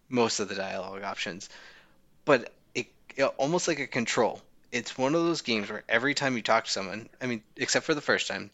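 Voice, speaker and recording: Male podcast host, low and punchy, wry humor. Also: sharp tone. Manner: wry, joking. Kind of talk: casual chat.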